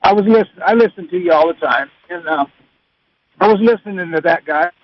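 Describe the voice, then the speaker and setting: A man calling in to a radio show, speaking in a halting, hesitant way with many fillers. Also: high-pitched, no echo, muffled recording. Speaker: caller. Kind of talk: phone-in conversation.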